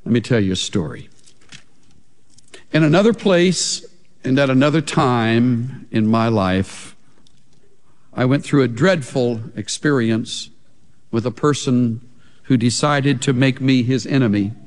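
A man preaching a sermon as a pastor, slow and emphatic, with big swings in pitch and loudness. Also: long reverb tail.

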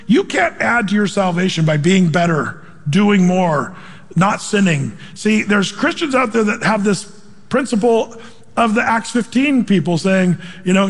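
A man preaching a sermon as pastor, with a high voice. He quotes scripture and acts out the voices of the people he describes. The sound carries a long reverb from a church hall. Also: normal speed. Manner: animated preaching, quoting scripture and acting out voices.

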